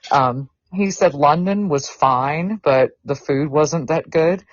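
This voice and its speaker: A woman's voice: low voice, takes it slowly, no room sound, muffled recording. A woman from the Southern United States, co-hosting a casual chat podcast, laughing often and talking easily. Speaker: co-host.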